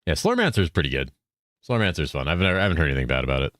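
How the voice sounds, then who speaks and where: A man's voice: rumbling low, sing-song, racing, fairly bright tone, no room sound, studio quality. A man streaming a video game, chatting casually, explaining items and thanking viewers, with loose joking talk and some swearing. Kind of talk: casual gameplay chat.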